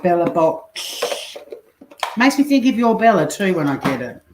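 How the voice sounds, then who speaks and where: A woman's voice: mid-range voice, sing-song, quick pace, reverberant, noisy background. An Australian woman hosting a casual livestream while she cooks at home, chatting away, swearing casually and reading viewers' comments aloud. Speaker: livestream host. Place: home kitchen.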